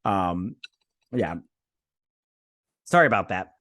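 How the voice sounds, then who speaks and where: A man's voice: sits low, expressive, slow, sharp tone, dry recording. Rambling man recapping an episode, dry sound. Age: adult parent. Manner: rambling, digressive storyteller with many fillers. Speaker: show host reviewing an episode.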